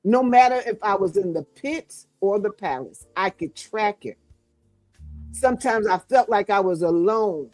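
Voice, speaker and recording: A middle-aged woman delivers fervent, preacher-like encouragement, stacking declarations one after another. Her pitch sits in a middle range, and the sound is dry and close, with faint music underneath. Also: expressive, unhurried, darkish tone, no echo. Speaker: guest author.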